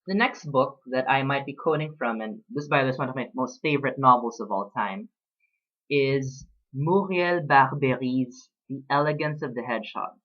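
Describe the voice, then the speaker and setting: A man in his late twenties speaks in a casual personal vlog, thoughtful and unhurried, with frequent pauses and fillers. His voice sits at an ordinary middle pitch. The recording sounds a little dull and lo-fi. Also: animated. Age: late 20s. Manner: reflective, talks about books with pauses and fillers. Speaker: vlogger.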